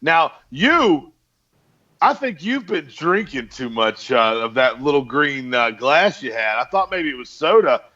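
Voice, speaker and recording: A man's voice: mid-range voice, sing-song, a little slow, pushed and bright, muffled recording. A man co-hosting a casual wrestling podcast, talking in an upbeat, promotional way and laughing often. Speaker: podcast co-host.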